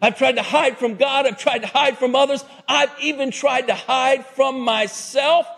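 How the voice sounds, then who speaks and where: A man preaching a sermon as a pastor, animated and acting out the voices of the people in his story. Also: very high-pitched, moderate pace, vocal fry. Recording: long hall reverb.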